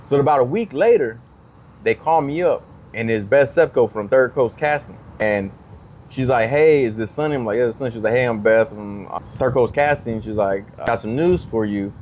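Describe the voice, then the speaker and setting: A man's voice: medium pitch, normal speed, slight background noise. Man telling a story, acting out quotes. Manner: animated, acts out quoted dialogue in changed voices. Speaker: podcast guest, comedian. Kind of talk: casual storytelling on a podcast.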